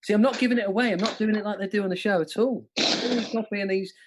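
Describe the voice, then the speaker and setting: A man's voice: high voice, steady tone, fast talker, noisy background. A man hosting a live quiz, playful and self-mocking, often laughing at his own jokes. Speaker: quiz host. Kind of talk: live-streamed quiz hosting with jokey impressions. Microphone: studio mic with monitors.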